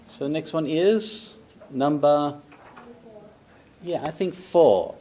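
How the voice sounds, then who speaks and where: A man's voice: fairly high pitch, lively intonation, takes it slowly, mellow, slight background noise. A man teaching an English pronunciation lesson, patiently breaking phrases into single sounds and quizzing the viewer.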